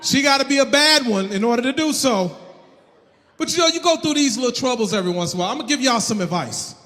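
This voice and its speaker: Brief: high-pitched, punchy male stand-up comic, live in a reverberant hall. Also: fast talker. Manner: animated, loud, punchy. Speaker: stand-up comedian. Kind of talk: stand-up comedy. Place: live comedy venue. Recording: long hall reverb, faint noise.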